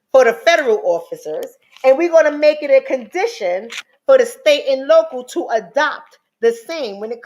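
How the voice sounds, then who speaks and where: Woman commentator, higher voice, sarcastic sermon-like delivery to her viewers. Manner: sarcastic, preachy, repeats "right?" to the audience. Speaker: commentator and relationship coach. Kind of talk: livestream commentary.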